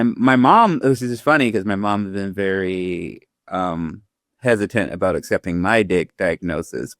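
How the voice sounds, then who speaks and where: A man's voice: deep voice, no echo, studio quality. A man in his forties talking in a laid-back, rambling way as an interview guest, often breaking into laughter. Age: 40s. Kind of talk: casual interview talk.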